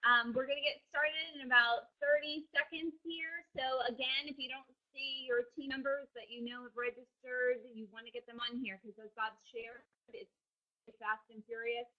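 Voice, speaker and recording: A woman hosting a live company webcast, enthusiastic and bubbly, with filler pauses. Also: high voice, fairly even intonation. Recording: dull lo-fi webcast audio.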